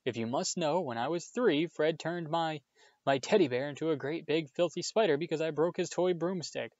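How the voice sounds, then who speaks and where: A man's voice: medium pitch, lively intonation, normal speed, a little mellow, no room sound, highs cut off, pitched above the performer's own voice, lightly acted. A man voicing a nervous, hot-tempered schoolboy who speaks tensely and fiercely.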